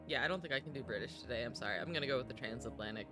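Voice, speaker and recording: A woman streamer with a bass voice talks at a racing speed, casually commenting as she reacts to a film while film music plays behind her. She's self-deprecating and often trails off before starting again.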